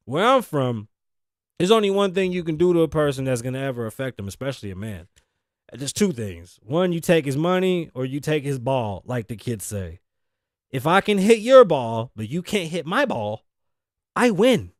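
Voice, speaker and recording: A young male talk show host tearing through a comedic monologue, profane and ranting. His voice is a touch high for a man and swings widely in pitch. The recording is dry and close, with no room around it. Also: no room sound.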